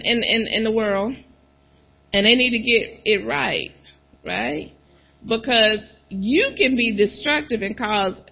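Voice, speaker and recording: A woman preaching a sermon, talking straight to the congregation and pausing for replies. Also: on the high side, creaky, husky, highs cut off. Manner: animated, calls out to the congregation.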